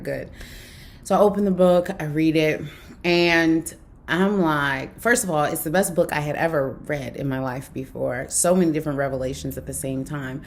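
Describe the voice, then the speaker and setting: A young adult woman hosting a casual book review, telling a story animatedly and acting out the quoted dialogue. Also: on the low side. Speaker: book club host.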